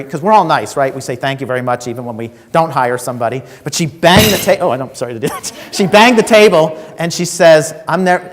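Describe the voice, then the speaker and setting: A man giving a live keynote to a sales audience, telling stories, asking the crowd questions and acting out quotes. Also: medium pitch. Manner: storytelling, asks the audience questions, acts out quotes. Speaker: keynote speaker. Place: conference hall. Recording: reverberant hall recording.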